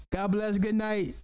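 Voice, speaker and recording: A man's voice: sits high, clear, resonant tone. A man hosting a casual livestream podcast, talking animatedly in slangy chat, laughing often and repeating himself. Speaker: podcast host.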